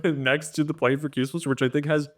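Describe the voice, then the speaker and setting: A man's voice: a little high, steady tone, quick pace. A man co-hosting a casual film podcast, wry and chuckling. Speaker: podcast co-host. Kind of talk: casual film review banter.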